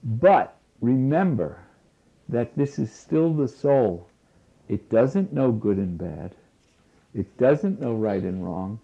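Gravelly guy giving a spiritual talk real slow, sounds like it came over a phone. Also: medium pitch, animated. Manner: slow, deliberate, repeats key phrases. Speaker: spiritual teacher. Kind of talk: spiritual lecture. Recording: tinny phone-like lo-fi recording.

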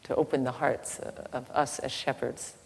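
A woman giving a slow, halting devotional teaching with a story, soft-spoken, recorded in an echoey hall with faint ambient noise. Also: rumbling low, flat delivery, creaky, husky. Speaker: spiritual teacher.

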